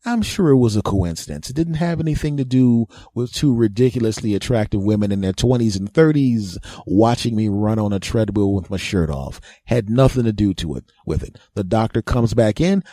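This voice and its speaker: A man's voice: on the low side, lively intonation, normal speed, hardly any pauses, mellow, no room sound, studio quality. A man hosting a podcast, telling a funny story in a self-mocking monologue and laughing at his own jokes. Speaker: podcast host.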